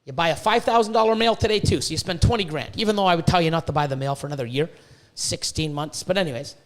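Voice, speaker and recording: Talking very fast in a voice on the high side, a man from Canada uses his podcast for a blunt, heated rant about breeding reptiles. Profanity runs constantly through his speech.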